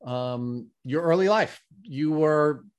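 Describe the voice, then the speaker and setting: An interviewer asking a guest questions in a podcast conversation, phrasing them in a measured, deliberate way. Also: mid-range voice, clean tone.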